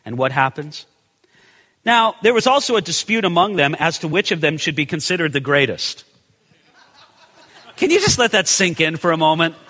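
A man preaching in a bright, ringing voice that sits high and swings widely in pitch. He is lively and conversational, throws rhetorical questions at his listeners and slips into the voices of the people he talks about. A long hall reverb trails after his words. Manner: animated, acts out the people in the story. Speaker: pastor. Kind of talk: expository sermon.

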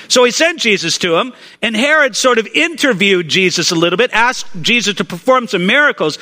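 Bright-voiced preacher in a reverberant hall. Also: male voice, high voice, expressive, a little fast, hardly any pauses. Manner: conversational storytelling, frequent restarts. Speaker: pastor. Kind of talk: sermon. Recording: long reverb of a large hall.

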